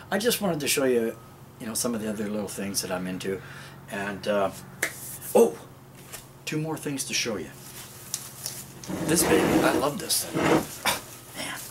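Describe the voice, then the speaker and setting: A man with a medium-pitched voice rambles through a casual garden vlog outdoors, often breaking into chuckles as he talks straight to his viewers. Soft background noise sits behind him. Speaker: gardening video host. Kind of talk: casual show-and-tell vlog.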